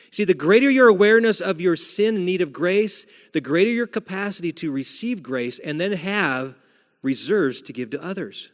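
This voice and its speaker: Male senior pastor, somewhat high voice, casual storytelling sermon, long church-hall reverb. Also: expressive, normal speed. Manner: conversational preaching, retelling scripture as a story. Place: church sanctuary.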